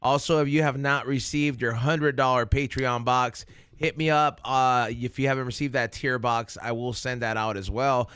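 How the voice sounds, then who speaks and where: A man's voice: medium pitch, fairly even intonation, moderate pace, a bit bright, clear, resonant tone, dry recording. A man hosting a podcast, talking casually and plugging the show's membership in a loose, rambling way. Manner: laid-back, rambling. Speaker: podcast host. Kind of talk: casual chat and sponsor plugs. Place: podcast studio.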